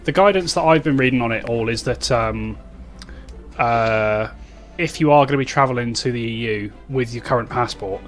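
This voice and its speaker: British man, game master, halting recap full of ums, medium voice, faint music. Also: mid-range voice. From Britain. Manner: hesitant, full of ums and uhs, wry.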